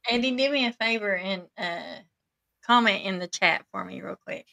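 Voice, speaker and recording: A woman hosting a casual livestream chat, making quick friendly asides to her guests. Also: mid-range voice, vocal fry, pushed and bright. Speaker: host.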